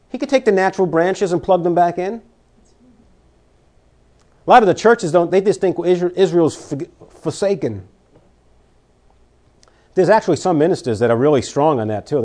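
Reading scripture in a somewhat high-pitched voice, a preacher moves from forceful, booming declarations to quiet cautions. He talks at a normal speed and leaves long pauses.

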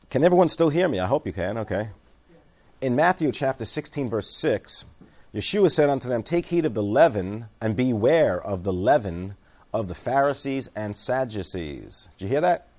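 A pastor with a mellow, fairly low male voice delivers a sermon. He reads scripture aloud, explains it in everyday language, and puts questions to his listeners.

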